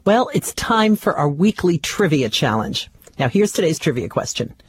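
A radio host giving a brisk, upbeat introduction to a trivia segment. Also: medium pitch, sing-song, slight background noise. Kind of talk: radio presenting.

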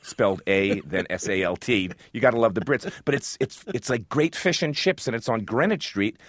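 A man with a low voice talks in a lively, rambling way, piling up restarts as his enthusiasm runs ahead of him. The sound is dry and close, like a radio studio line. He keeps it casual and chatty. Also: normal speed, no room sound. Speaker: food radio host as guest.

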